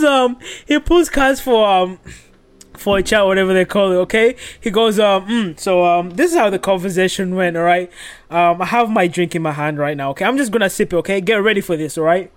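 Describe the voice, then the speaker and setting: A young man with a notably high voice talks through a reality-show recap as a podcast host. He is animated and swears freely, leaning on fillers and "yo" between thoughts. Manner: animated, profane, heavy on fillers and "yo".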